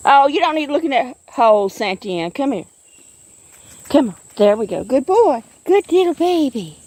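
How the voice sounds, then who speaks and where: Lady filming on her phone in the woods, high voice that swoops all over, crickets and bugs going behind her. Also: moderate pace. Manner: excitable, coos at her kitten. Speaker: vlogger. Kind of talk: casual nature vlog. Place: outdoors in the woods.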